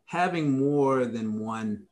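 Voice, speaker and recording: Chatty New podcast host. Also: male voice, mid-range voice, expressive, slow, a little mellow. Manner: reactive, short interjections. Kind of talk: casual chat.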